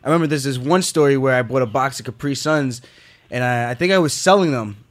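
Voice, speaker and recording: A man's voice: medium pitch, fast. Young male fighter telling stories. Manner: easygoing storyteller, some fillers. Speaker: guest, pro fighter. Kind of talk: casual chat.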